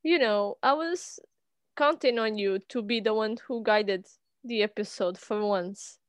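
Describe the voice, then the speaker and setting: A woman's voice: mid-range voice, a little slow, dry recording. A woman co-hosting a book podcast, chatting casually and teasing her co-host with blunt remarks. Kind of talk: casual chat.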